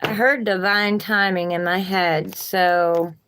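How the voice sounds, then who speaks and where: A woman's voice: fairly low pitch, steady tone, slow pace, noisy background. A woman with a Southern accent, reading tarot cards on a live stream and chatting encouragingly with viewers. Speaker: tarot reader.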